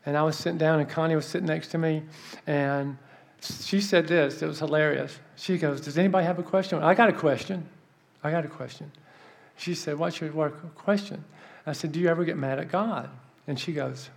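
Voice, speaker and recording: Gravelly man preaching with a story. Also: a little high. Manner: earnest, animated storytelling, dropping soft for emphasis. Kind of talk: storytelling sermon.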